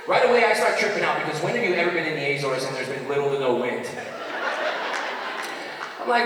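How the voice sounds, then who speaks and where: A young man from the United States performing stand-up comedy, animated and punchy, asking the crowd for agreement. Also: a little high, fast, pauses often. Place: large theater stage. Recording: echoey theater from far off, loud audience.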